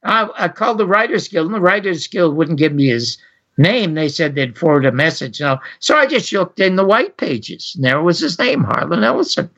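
A man's voice: moderate pace, creaky, lo-fi sound. An older man, a former talk show host, telling a story in an interview, acting out what other people said. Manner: animated, acts out others' lines with raised pitch. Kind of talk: anecdotal storytelling.

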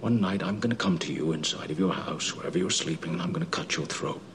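An actor playing a ruthless oilman, with a vintage Californian accent and low, quiet threats. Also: fast talker, slight background noise. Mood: threatening.

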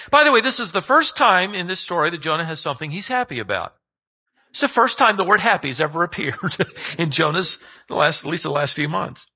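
A man preaching with a high, lively voice that swings widely in pitch. His tone is very bright, with a husky edge. He speaks emphatically and keeps asking his listeners rhetorical questions. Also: brisk, rough recording. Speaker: pastor. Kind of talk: sermon.

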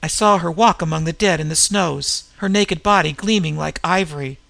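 A man's voice: fairly high pitch, normal speed, gravelly, a bit bright, dry recording. A man reading aloud, voicing an older, wild-eyed warrior who speaks with solemn intensity. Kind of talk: audiobook reading.

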